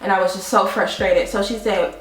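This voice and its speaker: A young adult woman vlogging a casual product review, telling her story in an animated, chatty way with frequent laughs and asides to viewers. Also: medium pitch, brisk. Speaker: beauty vlogger. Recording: roomy, distant mic with faint music.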